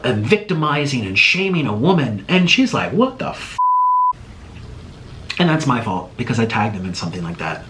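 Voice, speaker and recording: Man, online creator, rambling emotional apology, voice a bit high and swinging a lot. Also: a bit bright. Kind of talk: casual apology monologue.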